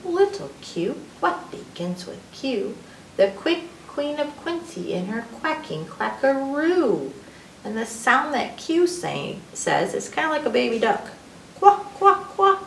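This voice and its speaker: A woman reads a picture book aloud to children at an unhurried pace. Her voice leaps up and down as she plays with each letter sound. She sounds a little distant from the mic in an echoey library room. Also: medium pitch, creaky, a little hiss or hum. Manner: playful, sing-song phonics teaching with sound effects. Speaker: library storytime host. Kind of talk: children's read-aloud lesson.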